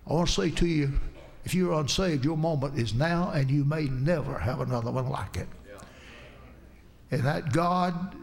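Male preacher, gravelly and a touch high; earnest sermon storytelling with emphatic climbs. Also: normal speed, darkish tone. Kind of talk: sermon with personal testimony.

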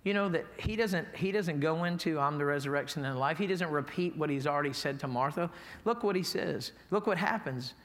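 A man's voice: a little high, moderate pace, hardly any pauses, fairly bright tone. A man preaching a sermon as pastor, in a folksy, emphatic way, reading scripture. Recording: echoey hall.

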